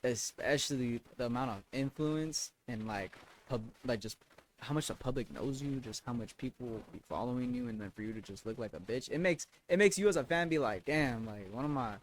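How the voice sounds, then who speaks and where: Young man, podcast co-host, mid-pitched voice, blunt, slangy. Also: animated, slight background noise. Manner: blunt, slangy, quick back-and-forth. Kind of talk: casual chat.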